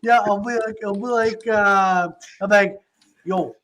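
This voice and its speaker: High-voiced excitable man. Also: unhurried, a little hiss or hum. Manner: excitable, swearing, plays tough-guy voices. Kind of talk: crude casual banter.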